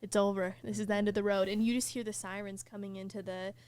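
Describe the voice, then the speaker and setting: A young woman hosts a podcast in a fast, medium-pitched voice on a dry recording. She tells a story animatedly in casual chat, saying "like" constantly and laughing mid-sentence.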